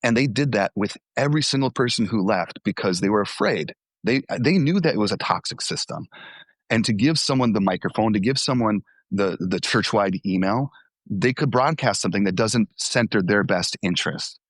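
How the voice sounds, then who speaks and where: A man's voice: fairly low pitch, lively intonation, moderate pace, no room sound. A young adult man, a former youth pastor, telling candid stories in an interview, with fillers and restarts.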